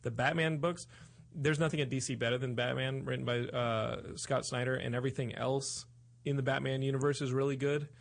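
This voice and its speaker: A man hosting a podcast, talking in a rambling, excitable way in casual chat. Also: medium pitch, a little fast, vocal fry. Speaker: podcast host.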